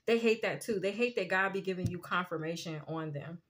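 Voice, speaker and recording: A woman giving a casual spiritual tarot reading, chatty and quick to laugh, often asking "you know what I'm saying". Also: on the low side, a bit bright. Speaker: tarot reader.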